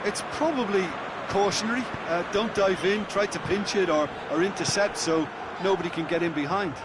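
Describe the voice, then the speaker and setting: A man giving measured, analytical color commentary on a football match in a video game. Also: high-pitched, heavy background noise. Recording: game audio over loud stadium crowd.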